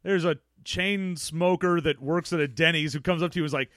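A man's voice: on the high side, a little fast, a bit bright, dry recording, studio quality. A man co-hosting a casual podcast, easygoing and jokey, often laughing along. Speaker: podcast co-host. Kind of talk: casual chat.

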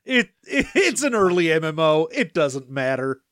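A man co-hosting a casual podcast, playful with quick jokes and frequent laughs. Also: on the high side, big pitch swings, a bit bright, dry recording, clean studio sound. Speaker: podcast co-host. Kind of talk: casual book-discussion chat.

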